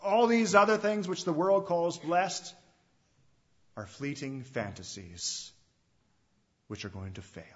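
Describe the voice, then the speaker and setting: Pastor guy preaching, kinda high voice, goes loud then drops real quiet, repeats stuff, asks the crowd questions, muffled lo-fi sound. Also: animated. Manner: emphatic preaching that swings between loud stresses and hushed, drawn-out endings; repeats phrases and asks the listeners direct questions. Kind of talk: sermon. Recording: dull lo-fi recording.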